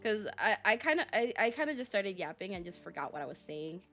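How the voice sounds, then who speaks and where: A woman's voice: medium pitch, sing-song, fast talker, fairly bright tone, faint music behind. A young adult woman streaming as a VTuber, chatting casually and rambling through a story with lots of fillers.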